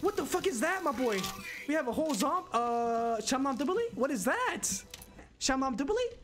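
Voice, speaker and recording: Excitable young male streamer, lively pitch. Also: normal speed. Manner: excitable, loud reactions, frequent gasps. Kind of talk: live gameplay commentary.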